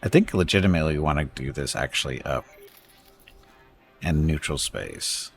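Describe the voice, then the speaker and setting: Gravelly low-voiced man streaming a game. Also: expressive, normal speed, soft background music. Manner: rambling, chatty, thanks viewers, jokes about words. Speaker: streamer playing a space strategy game. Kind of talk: casual live-stream commentary.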